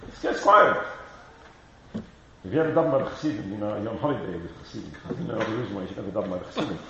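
A man's voice: mid-range voice, expressive, very fast. A man teaching a Torah class, questioning his students and chanting the Hebrew texts he quotes. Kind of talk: lively classroom Talmud lesson. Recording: roomy, dull lo-fi class recording with faint hiss.

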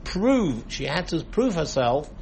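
Lively man teaching Talmud. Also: fairly high pitch, slow pace, vocal fry, slight background noise. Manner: explains, translating line by line. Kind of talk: Talmud study class.

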